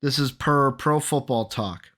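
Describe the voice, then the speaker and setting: A man co-hosting a sports podcast in casual chat, energetic, rattling off names and quizzing his co-host. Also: mid-range voice, measured pace.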